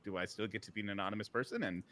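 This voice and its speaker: A man's voice: lowish voice, very fast, fairly bright tone, slight background noise. A man co-hosting a live podcast in casual chat, telling a long story with many fillers, restarts and a few laughs. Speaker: podcast co-host. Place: live podcast recording at a conference.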